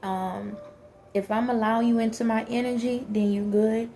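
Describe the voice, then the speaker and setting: A woman's voice: fairly high pitch, level tone, moderate pace, dark tone, faint music behind. A woman talking frankly and emphatically in a casual monologue, with many fillers. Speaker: vlogger.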